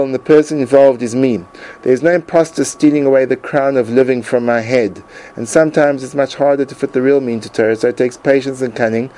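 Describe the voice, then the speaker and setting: A man and Torah teacher reading his own personal essay aloud in an earnest, emotive way with dramatic pauses. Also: medium pitch, dark tone, low-quality recording.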